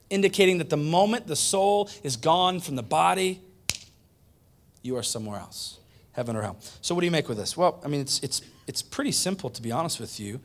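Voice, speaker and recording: A man's voice: on the high side, a little fast. A male pastor preaching a conversational sermon, repeating points for emphasis. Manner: conversational, emphatic repetition, animated.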